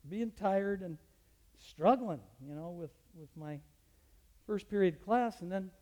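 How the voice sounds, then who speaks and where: A fairly high-voiced man, a teacher, tells a personal story as a testimony in a large hall. He is animated and his voice climbs sharply when he retells a scene. A long reverb trails each phrase. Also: slow.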